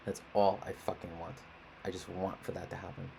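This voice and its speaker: A man's voice: deep voice, level tone, brisk, gravelly, noisy background. A young man venting in a casual, rambling monologue, frustrated and swearing often. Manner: frustrated, profane, rambling rant. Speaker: independent musician and artist.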